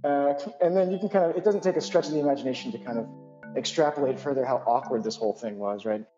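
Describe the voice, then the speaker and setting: A male physician telling a personal anecdote in an animated, self-deprecating way, full of asides. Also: mid-range voice, fast talker, dull audio, soft background music.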